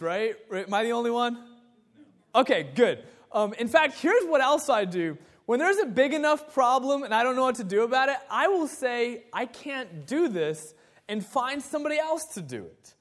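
A man's voice: sits high, sing-song, moderate pace, a bit bright. A young man preaching a sermon as assistant pastor, telling self-deprecating stories in a conversational way. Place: church sanctuary.

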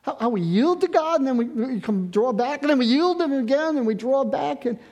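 Older pastor preaching, husky voice, pitch jumps all over, goes loud then drops to a whisper. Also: male voice, expressive, a little fast. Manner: swings from loud preaching to hushed near-whispers. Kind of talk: sermon.

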